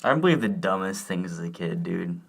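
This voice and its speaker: A man's voice: low-pitched, animated, brisk, vocal fry, slightly rough. A young man co-hosting a podcast in casual chat, laid-back and joking, calling his friend dude. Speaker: podcast co-host. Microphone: podcast microphone.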